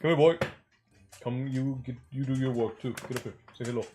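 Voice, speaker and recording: A man hosts a casual live stream, chatting loosely with viewers, reading their messages aloud and thanking them by name. His voice is mid-range and mellow with fairly even intonation, a little fast, and there's slight background noise.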